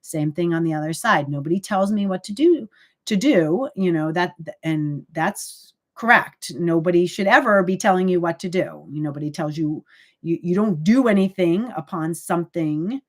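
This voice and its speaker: A woman's voice: on the low side, lively intonation, moderate pace. A middle-aged woman, a psychic medium, talking casually and earnestly on a live stream, with many fillers and sudden emotional lifts.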